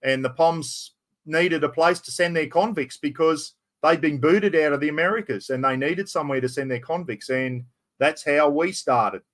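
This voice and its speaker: A man's voice: on the high side, normal speed, a bit bright. A man with a North Queensland Australian accent, hosting a livestream in a chatty, rambling, slangy way. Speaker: livestream host. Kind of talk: casual chat.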